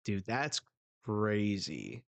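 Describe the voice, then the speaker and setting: A man hosting a casual live manga reaction, relaxed and hesitant, full of fillers and restarts. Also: fairly low pitch, very slow, gravelly, no room sound. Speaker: host.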